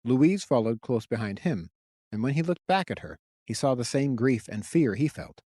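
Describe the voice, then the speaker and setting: A man narrating his own fantasy audiobook in a steady, even storytelling voice. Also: medium pitch, normal speed, dry recording. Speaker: author and narrator.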